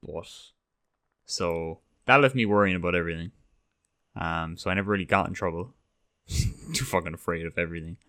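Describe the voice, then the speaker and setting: A man's voice: low-pitched, normal speed, pushed and bright. A young man, chatting casually on a podcast, rambling, swearing and acting out quotes. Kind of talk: casual chat.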